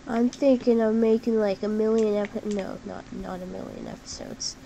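A woman giving casual, chatty gameplay commentary, excitable and full of "like", with sudden shouts. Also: medium pitch, normal speed, vocal fry, a little hiss or hum, low-quality recording. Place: at a computer while gaming.

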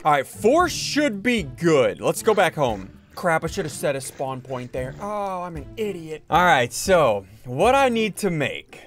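A man hosting a gaming video, narrating his own moves in an excitable way and yelping or shouting when things go wrong. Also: a little high, a little slow, hardly any pauses, faint music behind. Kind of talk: Minecraft let's-play commentary.

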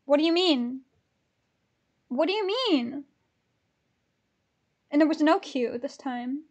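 Woman, high voice, anxious and excitable, shrieks and mutters, live ticket-buying vlog. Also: slow. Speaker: vlogger buying concert tickets.

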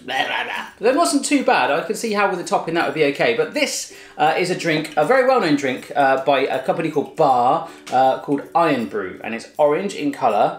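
A man's voice: fairly high pitch, very animated, brisk, few pauses. A man hosting a casual food taste test with his daughter, chatty and jokey. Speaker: cooking channel host tasting food with his daughter. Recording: roomy echo with faint music.

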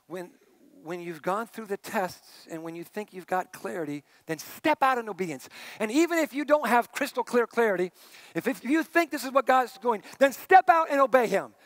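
A middle-aged man gives a sermon, his fairly high voice moving from hushed asides to emphatic points. The sound is close and dry, with no room around it. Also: no echo. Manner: conversational preaching, swinging between hushed and emphatic. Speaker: pastor.

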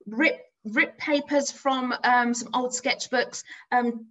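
A middle-aged woman from north-west London tells a story from her classroom on stage, her voice sitting a little high. She talks like a lively teacher, acting out her own words with plenty of energy. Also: measured pace, hardly any pauses, low-quality recording. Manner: animated storyteller, acts out her own excited voice. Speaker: teacher giving a talk.

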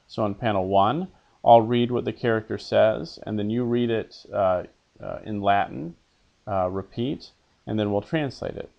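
A man's voice: lowish voice, normal speed, vocal fry, muffled recording. A man teaching an elementary Latin lesson, reading phrases for a pupil to repeat, then translating them and patiently quizzing. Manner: patient, asks questions and answers them himself.

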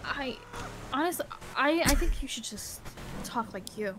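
A woman's voice: high voice, expressive, unhurried, over music. A woman chatting casually during a role-play game, chatty and teasing. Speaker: fellow role-play player.

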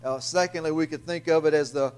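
Halting preacher, slightly high voice. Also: male voice, steady tone, darkish tone, clear, resonant tone. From Louisiana, US. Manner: halting, repeats words, frequent uh fillers. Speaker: pastor. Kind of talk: sermon. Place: church sanctuary.

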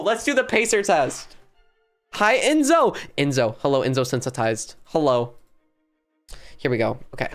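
A young woman streaming from her bedroom, chatting casually with a hyper, playful, mock-dramatic manner. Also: rumbling low. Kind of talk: casual live-stream chat. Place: bedroom at home.

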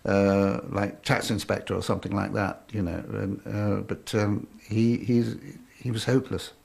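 A man in an interview, recalling an old friend in a halting way with frequent restarts. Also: lowish voice, flat delivery, creaky, a little mellow, slightly rough. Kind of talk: reminiscing interview.

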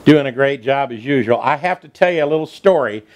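A man's voice: medium pitch, expressive, fairly quick. A man hosting a home cooking show, telling stories in a chatty, folksy country way while he cooks in his kitchen. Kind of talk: folksy storytelling cooking demo.

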